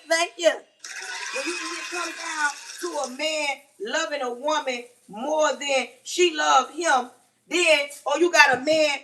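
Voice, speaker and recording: While doing chores in her kitchen, a livestream host in her forties lectures her live audience in a high, bright-pitched voice. Her heartfelt, casual talk feels like a sermon, full of emphatic advice and frequent "baby."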